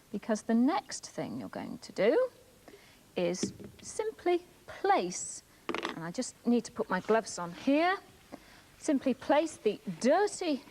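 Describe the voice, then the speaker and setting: Welsh female presenter, animated, clear step-by-step kids' TV demo voice. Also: medium pitch, low-quality recording. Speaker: co-presenter demonstrating a science trick. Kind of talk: children's TV demonstration.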